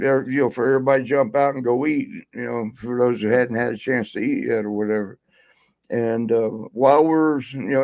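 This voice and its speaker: In a low-quality recording without room sound, a man with a mid-range voice guests on a podcast and spins a long road story. His casual telling wanders, full of filler words and laughter.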